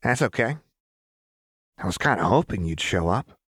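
A man voicing an erratic, unhinged young woman who speaks with eerie calm and sudden jumps in pitch. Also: normal speed, slightly rough, no room sound, clean studio sound. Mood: eerily calm. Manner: jumpy, swinging pitch.

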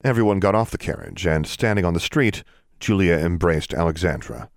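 Deep-voiced male audiobook narrator. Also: animated, a little fast, vocal fry, no room sound, clean studio sound. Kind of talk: scripted narration.

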